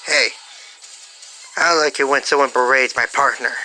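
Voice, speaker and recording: A storyteller voicing a gruff, protective male alien symbiote in a fan story, with a blunt and slightly lower voice. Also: fairly even intonation, normal speed, bright, forceful tone, faint music behind, close to an everyday voice.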